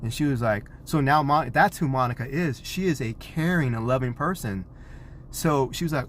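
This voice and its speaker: A man, a parent, telling a story in a vlog, animated and acting out the scenes he describes. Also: medium pitch, normal speed, a little hiss or hum.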